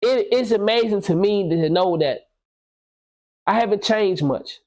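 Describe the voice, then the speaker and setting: A man's voice: sits high, unhurried, a little mellow, rough recording. A man in his thirties talking in a casual podcast conversation, blunt and preachy, with plenty of swearing. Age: 30s.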